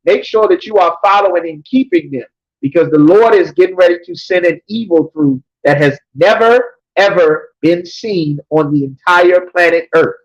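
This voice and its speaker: A man teaching a scripture class, reading verses slowly and then explaining them emphatically, often checking with "you understand?". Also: high-pitched. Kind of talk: preaching scripture breakdown. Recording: dull lo-fi recording.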